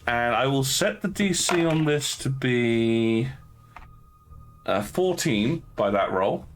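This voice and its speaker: A man's voice: mid-range voice, animated, takes it slowly, slight background noise. A man running a tabletop game as game master, narrating the scene and wryly teasing the players about their dice. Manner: wry, teasing about bad dice rolls.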